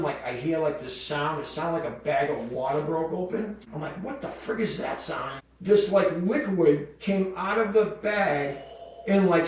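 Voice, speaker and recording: Male podcast guest, animated storyteller, voice a little high, off-mic in a very echoey room. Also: distant mic. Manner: animated, full of "like" fillers and voiced quotes. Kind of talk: casual storytelling.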